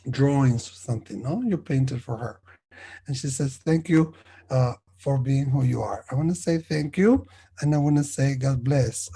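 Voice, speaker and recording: Earnest man relaying spirit messages, mellow. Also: on the high side, a little hiss or hum, rough recording. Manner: earnest, halting, checks in with listeners often. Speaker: spiritualist medium. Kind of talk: delivering spirit messages at a service.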